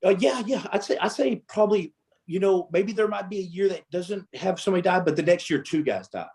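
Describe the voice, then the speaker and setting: A man's voice: sits high, a little fast. A man, a former Navy SEAL guest, telling war stories in a casual interview and acting out the dialogue. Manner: animated storyteller, acts out quoted dialogue.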